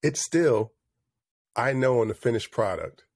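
A man co-hosting a podcast in casual chat, with a slightly stuffy nose, telling stories in a relaxed, joking way over a headset mic. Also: medium pitch, a little slow, husky. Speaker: podcast co-host.

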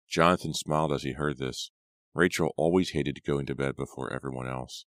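Deep-voiced male reader for a horror audiobook, measured and dramatic, close and dry. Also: fairly even intonation, fairly bright tone, no room sound. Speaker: audiobook narrator. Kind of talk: scripted narration.

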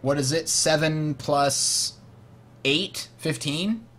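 A young man with a bright, somewhat high voice walks through a board game turn by turn. He explains the rules out loud and laughs easily as the dice fall. His talk is casual and enthusiastic. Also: takes it slowly, a little hiss or hum.

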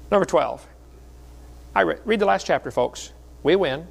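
A man's voice: fairly high pitch, animated, slow pace, vocal fry, long pauses, breathy edge. A middle-aged man preaching a sermon in a folksy storytelling way, with jokes between the stories. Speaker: creationist speaker.

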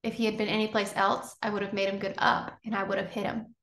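A woman narrating an audiobook in a measured, unhurried reading. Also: mid-range voice, flat delivery, fairly bright tone. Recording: roomy echo.

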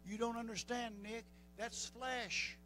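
High-pitched Southern preacher, folksy drawl. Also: male voice, fairly even intonation, takes it slowly, bright, forceful tone, a little hiss or hum, low-quality recording. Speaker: pastor. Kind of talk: sermon.

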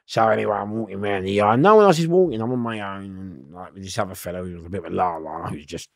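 A middle-aged man, telling prison stories loudly in an interview. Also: low voice, fast talker, creaky, dry recording, clean studio sound. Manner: loud, lively, laughing storyteller. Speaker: interview guest. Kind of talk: storytelling in an interview.

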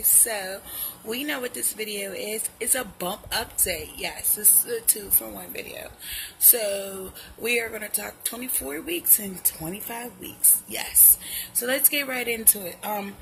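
A woman's voice: fairly high pitch, creaky, bright, forceful tone, a little hiss or hum, rough recording. A young woman talking casually to her viewers in a pregnancy vlog, loose and chatty, calling them y'all. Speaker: pregnancy vlogger. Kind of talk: casual chat to camera.

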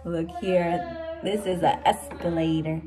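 A teacher reading a picture book aloud to young children, pausing to explain words and point at the pictures. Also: female voice, lowish voice, fairly even intonation, noisy background.

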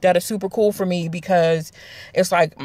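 A woman's voice: on the low side, steady tone, normal speed, darkish tone, no room sound. A woman, chatting casually to her viewers in a rambling vlog. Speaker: vlogger. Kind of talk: casual chat to camera.

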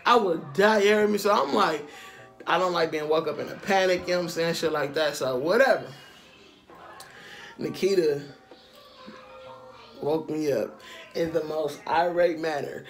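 A man with a high-pitched voice tells a story to camera in casual, profane slang. He keeps checking in with the listener as he goes, and faint music plays underneath. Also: normal speed, pauses often, fairly bright tone. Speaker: storytime vlogger.

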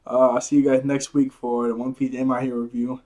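A man's voice: mid-range voice, level tone, fairly quick, mellow. Rambling man reviewing manga. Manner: rambling, restarts often, chuckles. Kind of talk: casual manga chapter review.

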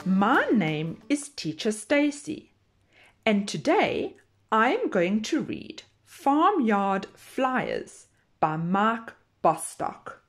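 A woman teacher reading a children's picture book aloud in a slow, expressive storytelling manner. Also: medium pitch, soft background music.

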